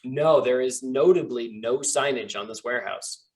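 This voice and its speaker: A man of middle pitch running a tabletop game as game master. He describes each scene haltingly, leaning on fillers and restarts as he goes. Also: darkish tone, distant mic.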